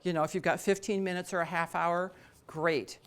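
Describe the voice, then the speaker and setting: A woman's voice: lowish voice, fairly even intonation, a little fast, smooth. A woman leading an interactive training session, talking conversationally with many fillers and restarts, and joking with the attendees. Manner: laughs and jokes with attendees. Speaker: workshop trainer.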